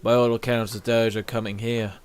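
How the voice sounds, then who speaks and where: A man's voice: mid-range voice, flat delivery, brisk, clear, resonant tone, natural voice. A man reading as a grim giant warrior. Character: male giant horned warrior, grim and weary.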